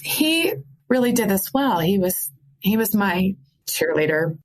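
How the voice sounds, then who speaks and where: A middle-aged woman from the American Midwest, candidly telling a personal story of grief, animated and laughing through sadness. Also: mid-range voice, a little slow. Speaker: podcast guest.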